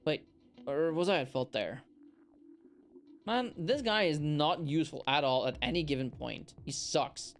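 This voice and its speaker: Streamer, casual gameplay banter, gravelly texture, lively up-and-down pitch. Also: measured pace. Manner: joking, reads game dialogue aloud in voices. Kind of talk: casual live gameplay chat. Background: faint game music.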